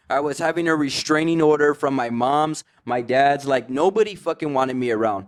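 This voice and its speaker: Slangy, fast-talking man telling his story. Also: fairly high pitch, steady tone, clean tone. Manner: slangy, fast, fills with "like" and "you know what I mean". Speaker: podcast guest in recovery. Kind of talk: casual storytelling.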